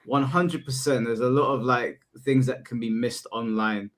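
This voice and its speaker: Mid-pitched guy hosting a podcast, calm and measured, thinks stuff through out loud. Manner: measured, weighs his opinions. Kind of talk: casual podcast chat.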